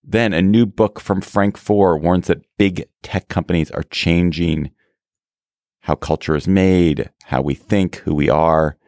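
A man hosting a political podcast, talking in a relaxed, wry way with restarts and filler. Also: low-pitched, a little slow, no echo, studio quality. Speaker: podcast host. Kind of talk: casual political podcast chat.

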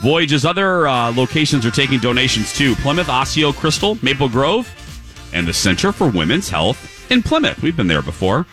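A morning radio host with a medium-pitched voice and a normal pace tells a long story casually, doing the voices of the people in it with lots of energy. The show is a live remote broadcast from a clinic, with soft music underneath.

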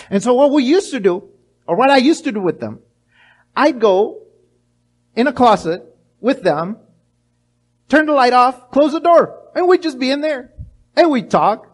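A middle-aged male pastor preaching a sermon, animated, acting out little voices and restarting his words often. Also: high voice.

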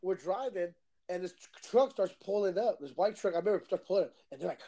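Man, high pitch, animated, profane casual storytelling. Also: fast. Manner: animated, swearing, acts out voices in his stories.

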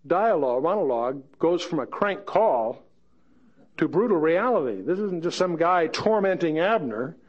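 A man's voice: fairly high pitch, animated, measured pace. A man teaching verse by verse through a Bible passage, chatting with joking asides and reading the scripture quotes dramatically.

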